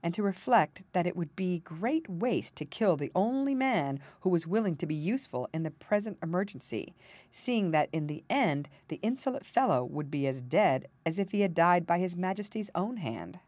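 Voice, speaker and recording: A woman narrating an audiobook fairy tale in an expressive storytelling manner, close to the mic. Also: on the low side, normal speed, no room sound.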